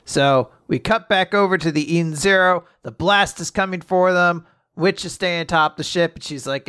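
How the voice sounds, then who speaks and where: Casting Male podcast co-host, smooth clear voice, slightly high, dry close recording, recaps plots while jumping into character voices. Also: fairly bright tone, no room sound. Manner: recaps the plot acting out character lines in quick voices. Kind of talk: casual chat.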